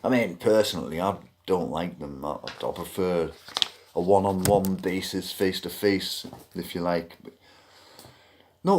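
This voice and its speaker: A blunt British man griping in a vlog rant, cursing as he goes. He talks at a slow, dragging pace. His pitch leaps around expressively. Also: darkish tone. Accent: British English. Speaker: vlogger. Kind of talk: ranting monologue.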